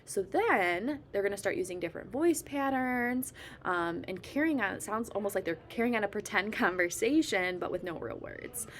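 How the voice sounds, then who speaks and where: Brief: woman, speech-therapy tutor, lively demos of baby sounds, light room hiss. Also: medium pitch, moderate pace. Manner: animated, demonstrates baby sounds playfully, frequent fillers. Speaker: speech therapist giving parenting tips. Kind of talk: casual instructional talk.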